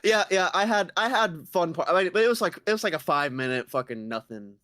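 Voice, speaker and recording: A man co-hosting a casual podcast, excitable, swearing often and calling people dude and bro. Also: high voice, fast, no echo, studio quality. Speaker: podcast co-host. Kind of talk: casual chat.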